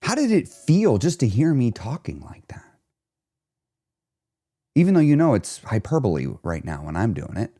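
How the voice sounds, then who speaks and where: A man who is a weight loss coach, talking in a casual solo podcast monologue, animated and emphatic, with some swearing. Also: medium pitch, normal speed, pauses often.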